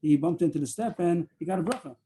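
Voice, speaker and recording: A man leads a Talmud study session over a video call. He talks quickly in a mellow, darkish voice and keeps restarting his sentences. He is a bit higher pitched than most men. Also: husky. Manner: rambling, halting explanation with many fillers and restarts. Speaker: Talmud class leader.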